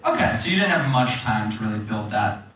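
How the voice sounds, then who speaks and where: A male comedian from New York City doing crowd work on stage, teasing audience members with quick jokes. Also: lowish voice, sing-song, fairly bright tone, very echoey, far from the mic, a little hiss or hum, rough recording. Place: comedy club in London. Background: crowd laughter.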